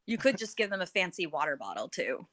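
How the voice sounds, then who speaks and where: A young woman comedian joins a podcast chat and jokes along, laughing easily. Her bright voice moves all over the place. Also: on the low side, fast, dry recording. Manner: playful, laughing, animated. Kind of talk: casual chat.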